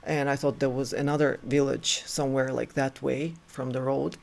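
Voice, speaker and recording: Gravelly man telling a story casually. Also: mid-range voice, level tone, moderate pace, darkish tone. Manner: filler-heavy, acts out quotes. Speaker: storyteller host.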